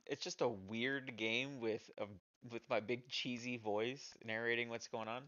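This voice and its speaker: Speaking unhurriedly with few pauses, the indie developer and streamer has a medium-pitched, steady voice with a sharp tone. The recording's highs are cut off as he rambles self-deprecatingly about his small games, using lots of fillers.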